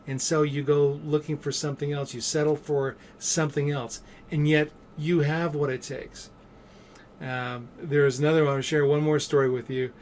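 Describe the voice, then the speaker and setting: Middle aged guy vlogging business tips, kinda high voice, lots of uh and restarts. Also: a little hiss or hum. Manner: chatty storyteller, many fillers and restarts. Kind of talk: casual motivational talk to camera.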